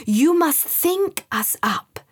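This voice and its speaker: A woman voicing a calm, wise male guide who speaks slowly and encouragingly. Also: extremely high pitch, voice pushed up, exaggerated voice. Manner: slow, calm, coaxing.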